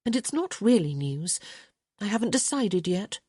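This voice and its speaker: A woman's voice: mid-range voice, very animated, moderate pace, dark tone, slightly rough, dry recording, studio quality, voice pushed up. A woman voicing a tart, impatient young lady who bickers with her brother in an audiobook. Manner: tart and firm.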